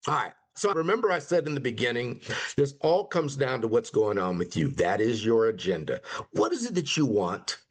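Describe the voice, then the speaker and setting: A man giving a conflict resolution webinar at a mid-range pitch. His delivery is casual and talky, and he slips into quoted dialogue with quick pitch jumps. He sounds like a trainer teaching his audience. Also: husky. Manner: conversational, acts out quoted lines with lively pitch jumps. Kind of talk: webinar presentation.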